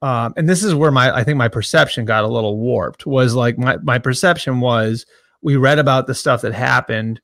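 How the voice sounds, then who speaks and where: A man in his thirties, a sports journalist who grew up near Boston, answering interview questions in a halting way with many restarts and fillers. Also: medium pitch, vocal fry, a bit bright, no room sound, clean studio sound. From grew up in the Boston area.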